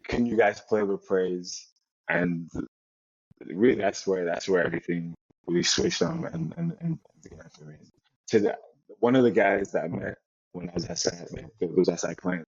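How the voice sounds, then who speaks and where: A young man from Nigeria, a football player, telling his story in a relaxed interview chat with many restarts. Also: fairly low pitch, normal speed, creaky, breathy edge, dry recording. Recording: dull lo-fi sound.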